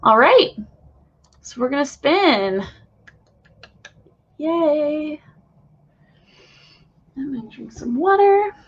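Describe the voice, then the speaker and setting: A woman's voice: high-pitched, big pitch swings, measured pace, lo-fi sound. A woman leading a live channeling session, earnest and effusive, with many fillers and sighs. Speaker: spiritual channeler.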